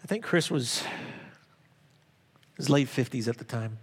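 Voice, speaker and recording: A man preaching a sermon from the pulpit, earnest and emphatic. He drives points home by repeating phrases. His mid-pitched voice rings with the long reverb of a church sanctuary. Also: animated, measured pace, breathy edge. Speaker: pastor.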